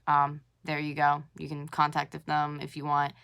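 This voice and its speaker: A woman in her twenties from North America gives casual reaction commentary. Her voice sits a little low, and she sounds sarcastic and indignant. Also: monotone, normal speed, gravelly, fairly bright tone, clear, resonant tone. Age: 20s. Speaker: YouTuber reacting to a video.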